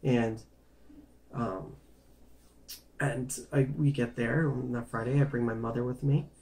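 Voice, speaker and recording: A man's voice: medium pitch, unhurried. A man casually recounting a personal medical story, rambling and conversational, with many restarts and fillers. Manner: animated and emphatic in tense moments.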